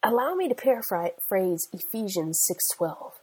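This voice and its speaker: Mellow, husky-voiced woman preaching. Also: medium pitch, lively intonation, low-quality recording. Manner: emphatic preaching with slow stressed phrases. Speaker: Christian speaker. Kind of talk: sermon.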